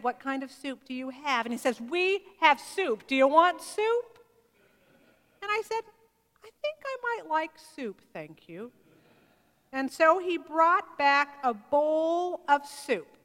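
High-voiced woman telling a sermon story. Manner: animated storyteller, acting out dialogue. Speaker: preacher. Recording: long hall reverb.

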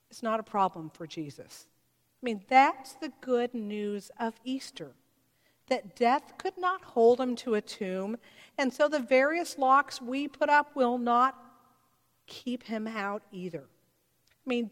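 A woman's voice: on the high side, a bit bright, in a large hall. A woman pastor giving a sermon in a church, talking conversationally and putting rhetorical questions to the congregation.

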